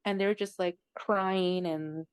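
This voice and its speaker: Woman, low-pitched, halting storytelling, lots of filler words, dry sound. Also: fairly even intonation, smooth, no room sound. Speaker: interviewee recounting a near-death experience. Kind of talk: personal storytelling.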